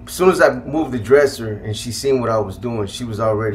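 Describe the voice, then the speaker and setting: A man telling a personal story in casual, profane speech, halting and restarting often. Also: medium pitch, a little hiss or hum. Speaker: guest telling his life story.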